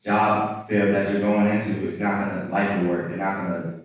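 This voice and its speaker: A man's voice: on the low side, steady tone, moderate pace, far from the mic. A young man, a university student, politely asking the panel a question from the audience. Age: young adult. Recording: dull, echoey hall sound from afar.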